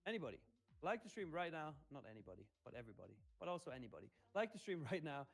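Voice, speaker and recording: A man's voice: fairly high pitch, very animated, racing, creaky. A man hosting a livestream in casual chat, upbeat and playful as he reads out viewer comments and hypes the audience. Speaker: livestream host reading chat.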